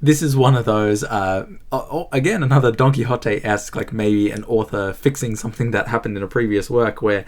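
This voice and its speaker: A man's voice: on the low side, brisk, hardly any pauses, a little mellow. A man hosting a book channel, talking casually about a book he is reading, thinking aloud with frequent fillers and restarts. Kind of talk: casual spoken book review.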